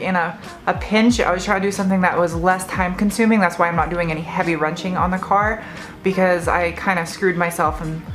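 A young woman hosting her car vlog, talking casually and getting excitable as she opens gifts from viewers. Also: lowish voice. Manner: chatty, excitable when unboxing gifts. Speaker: car vlogger and host.

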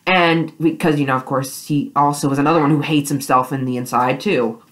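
A young woman talks fast and loose in a casual fan vlog, gushing and rambling with plenty of fillers. Her voice sits low for a woman. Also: steady tone. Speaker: vlogger. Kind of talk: excited fan reaction vlog.

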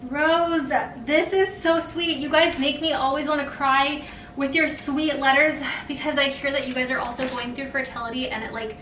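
A young woman vlogging casually as she opens fan mail, gushing and excitable. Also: high voice, moderate pace, slight background noise. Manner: gushing, excitable, says "oh my god" often. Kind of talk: casual vlog chat, reading letters aloud. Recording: roomy, mic a little far off.

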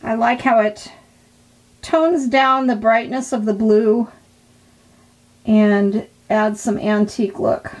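A woman with a slightly high voice talks through a craft demonstration. She chats casually and encourages the viewer, admiring her own pages as she goes. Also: fairly even intonation, takes it slowly, long pauses. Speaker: art tutorial host.

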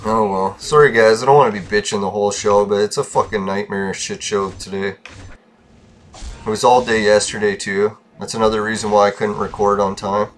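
A man's voice: on the low side, steady tone, fairly quick, a little hiss or hum. A man podcasting alone, venting bitterly in a casual, profane rant. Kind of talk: casual ranting monologue.

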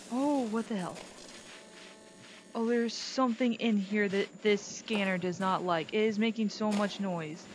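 A woman hosting a let's-play of a scary VR game, talking nervously and rambling to her viewers. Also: mid-range voice. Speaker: gaming video host. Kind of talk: casual let's-play commentary. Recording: noisy game ambience behind.

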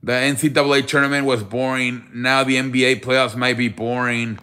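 A man hosts a loose live sports stream, greeting viewers by name and reading their chat aloud. His voice is bright and forward, sitting at an everyday middle pitch, and he keeps repeating "I beg your pardon" as a running joke. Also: flat delivery, normal speed.

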